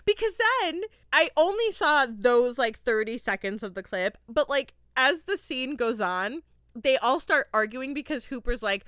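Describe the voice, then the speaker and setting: A young woman from Florida hosting a podcast, casually reviewing a movie with lively laughter and acted-out quotes. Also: a little high, measured pace, clean tone, no room sound, clean studio sound. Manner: animated, laughing, acts out quotes. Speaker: podcast host.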